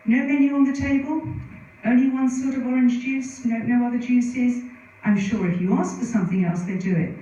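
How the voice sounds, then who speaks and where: Muffled and distant in a very echoey hall, a middle-aged conference speaker tells chatty anecdotes packed with asides. Her fairly high voice is warm and steady in tone, moving at a moderate pace.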